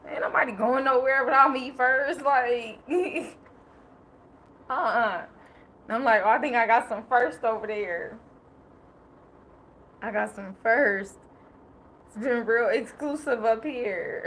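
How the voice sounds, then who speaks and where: A woman's voice: sits high, fairly bright tone, slight background noise, rough recording. Emotional, rambling woman on a livestream. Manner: emotional, rambling, laughs often. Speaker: livestream host. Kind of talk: casual personal livestream talk.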